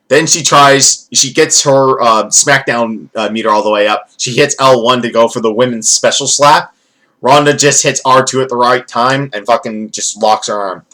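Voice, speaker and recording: A man's voice: mid-range voice, normal speed, sharp tone. A man giving a rambling, profane, jokey recap as a casual wrestling event reviewer.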